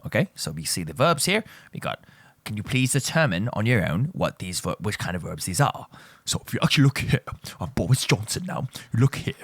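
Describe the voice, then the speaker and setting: A man's voice: fairly low pitch, very animated, fairly quick, vocal fry, a bit bright, no echo. A man giving a casual, joking language lesson, teasing his students and repeating points as he goes. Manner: playful, teasing, repeats and self-corrects. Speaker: Japanese language teacher.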